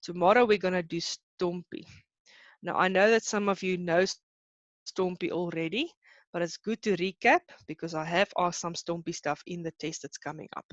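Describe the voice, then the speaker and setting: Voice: medium pitch, normal speed, fairly bright tone, no room sound, dull audio. A teacher giving a live online lesson, talking in a hesitant, reassuring way with many fillers.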